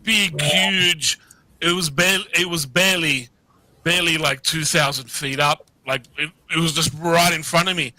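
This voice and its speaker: A man's voice: a little high, fairly even intonation, normal speed, bright, forceful tone, no room sound, poor audio. A middle-aged man telling a story as a guest over a video call, rambling, swearing freely and restarting his sentences. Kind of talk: casual storytelling.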